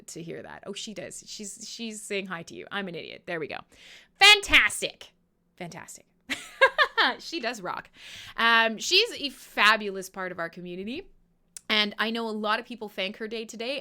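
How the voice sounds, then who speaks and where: A woman's voice: medium pitch, sharp tone. A woman hosting a live show, telling a story in a swearing, joking way, acting out quotes and laughing. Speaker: host of a live radio show. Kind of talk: casual storytelling to live listeners.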